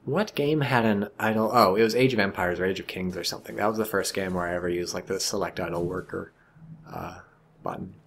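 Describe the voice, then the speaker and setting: A man's voice: low voice, a little fast, creaky, a bit bright, a little hiss or hum. A man casually commentating a strategy game match, rambling and joking, swearing freely as he goes. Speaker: game shoutcaster.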